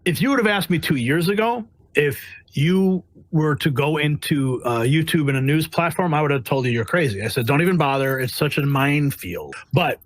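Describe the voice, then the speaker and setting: A man's voice: on the high side, expressive, moderate pace, hardly any pauses, no room sound, rough recording. Blunt, emphatic male press correspondent. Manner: emphatic, blunt, acts out voices in anecdotes. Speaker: White House press correspondent. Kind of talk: animated interview storytelling.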